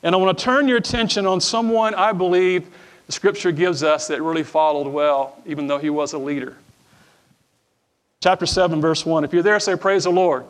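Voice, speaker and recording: A middle-aged man preaches from the pulpit with a high voice. He reads scripture aloud, restarts his phrases, and keeps calling on the congregation to answer back. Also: normal speed. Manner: repeats words, calls for congregation responses. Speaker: pastor. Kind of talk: sermon with scripture reading and prayer. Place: church sanctuary before a congregation.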